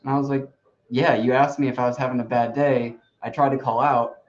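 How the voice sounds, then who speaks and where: A man's voice: mid-range voice, fairly even intonation, brisk. A man hosting a podcast in casual chat, telling a long story with lots of "like" and restarts. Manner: rambling storyteller, heavy use of "like". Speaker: podcast host. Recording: slightly dull lo-fi recording.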